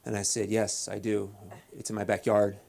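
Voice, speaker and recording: Deadpan halting male open-mic comic. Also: on the low side, gravelly, a little hiss or hum. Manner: deadpan, halting with many restarts and fillers. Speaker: stand-up comedian at open mic. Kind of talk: stand-up comedy set. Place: comedy club stage.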